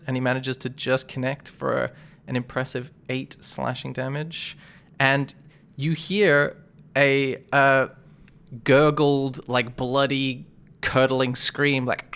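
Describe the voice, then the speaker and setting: A man serving as game master for a tabletop game, with a bright, forceful voice at a mid pitch. He narrates combat casually and rambles, leaning on fillers as he works out rolls. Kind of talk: running a tabletop game over voice chat.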